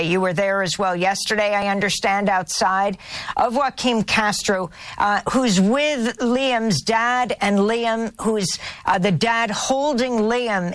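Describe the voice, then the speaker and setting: A woman hosting a news program, reading reports and questioning a guest in a measured, clear way. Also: mid-range voice, dry recording. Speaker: news host. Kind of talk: news presenting and interviewing.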